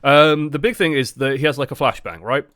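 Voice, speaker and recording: A man streaming and chatting casually about a game, animated and full of "like" fillers. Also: medium pitch, a little fast, no echo, clean studio sound. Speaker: gaming streamer. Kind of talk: casual gaming chat.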